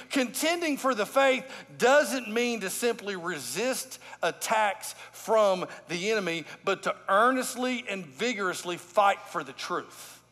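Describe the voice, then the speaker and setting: A man preaches a sermon in a high, ringing voice. He talks to the congregation like a conversation, pressing his points with emphasis. His voice carries a long reverb from a large church sanctuary. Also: a bit bright. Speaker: lead pastor.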